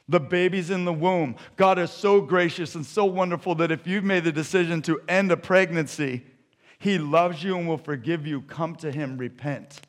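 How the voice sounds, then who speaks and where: Animated male preacher, fairly high voice. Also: moderate pace. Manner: animated storytelling that drops to soft, hushed appeals. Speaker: pastor. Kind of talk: sermon.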